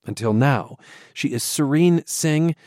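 A man hosting a radio interview, asking questions in a friendly, expressive way. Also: fairly high pitch, slow, dry recording, studio quality. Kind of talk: broadcast interview.

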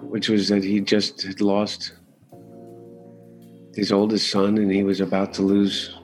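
A middle-aged man talking candidly as an interview guest, halting and restarting often as he searches for words. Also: fairly low pitch, monotone, soft background music. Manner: halting, with frequent restarts and fillers.

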